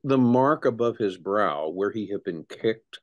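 A middle-aged man, a historian, speaking as an interview guest in an animated storytelling way with frequent restarts. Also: fairly low pitch, unhurried, lo-fi sound. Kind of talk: conversational interview.

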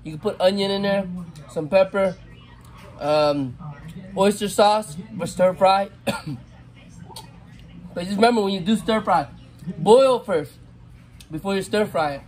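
A middle-aged man casually talking viewers through cooking crawfish outdoors, savoring the food with drawn-out mms. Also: high-pitched, a little mellow. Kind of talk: casual cooking vlog talk. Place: outdoors at a campsite.

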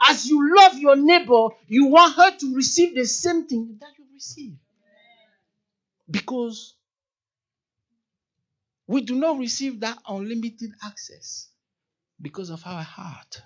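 A man preaching a sermon as a church elder, lively and emphatic, acting out quoted dialogue. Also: very high voice, unhurried. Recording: dull, lo-fi sound.

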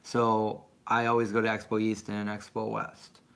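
A man's voice: on the low side, monotone, normal speed, vocal fry, fairly bright tone, clean tone. A middle-aged man rambling casually as he answers viewer questions on a live stream. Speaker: vlogger answering live chat.

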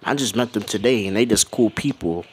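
An eager, affectionate young female navigator, as a man puts her on while telling a fan story. She speaks gratefully and quickly in his own everyday voice. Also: fairly low pitch, slightly rough.

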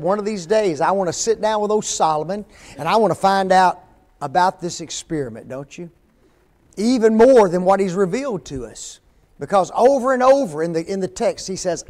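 Folksy high-voiced older preacher. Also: male voice. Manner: folksy, asks the congregation questions; reads scripture slowly and emphatically. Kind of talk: sermon. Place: church sanctuary.

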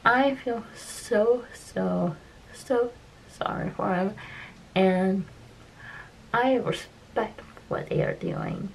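A tearful woman vlogger talks slowly and haltingly, stopping to repeat herself and often sinking into a soft whisper. Her voice has a gravelly, creaky edge. A faint background hiss sits under her voice. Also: medium pitch, rough recording. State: upset, close to tears. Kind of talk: casual opinion vlog.

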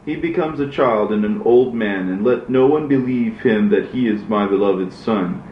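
God speaks as a stern, unhurried male judge in a low voice, as a man reads the part. The reading is measured and solemn. The recording is roomy and dull, with a faint hiss behind it. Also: natural voice.

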